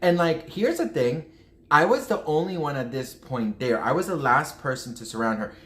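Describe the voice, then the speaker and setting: A man's voice: a little high, expressive, moderate pace, a bit bright. A man telling a personal story to camera in a casual vlog, rambling and heartfelt, often restarting his sentences. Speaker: vlogger. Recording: echoey room.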